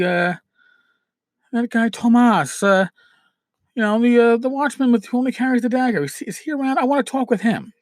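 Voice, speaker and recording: Chatty, high-voiced New man. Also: no echo, clean studio sound. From New York City. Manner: chatty, repeats himself, restarts phrases; swings between loud emphasis and dropped asides. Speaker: podcast host. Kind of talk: casual advice monologue.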